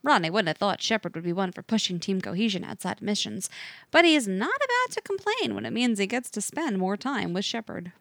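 A woman narrating a fiction story aloud with an expressive, varied delivery. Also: medium pitch, brisk, dry recording.

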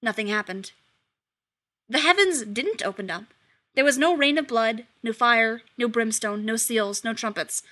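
A woman reads a story aloud with lively expression. Her voice is high and bright, and her pacing is quick and animated. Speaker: reader. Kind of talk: reading fiction aloud.

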